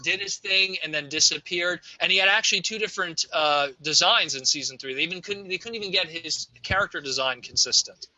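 Bright, high-voiced opinionated man. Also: a little fast, few pauses, no room sound. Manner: opinionated, long emphatic rants. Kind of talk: casual group chat. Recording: dull lo-fi recording.

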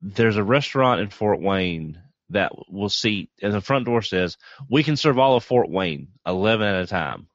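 A man's voice: on the low side, expressive, normal speed, no echo, muffled recording. A man, telling a casual travel anecdote on a podcast with a lot of hesitation. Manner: hesitant, full of fillers. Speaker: podcast panelist.

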